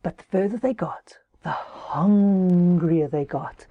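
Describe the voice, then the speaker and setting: A woman hosting and narrating a children's story in a playful, animated, giggly way. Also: fairly low pitch, slow, no room sound, phone-quality sound.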